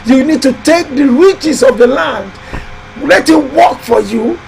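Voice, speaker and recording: A man hosting a live building-advice show, talking in a loud, emphatic, exhorting way with lots of repetition. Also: very high-pitched, lively intonation, measured pace, creaky, very noisy. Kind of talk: live-stream motivational talk.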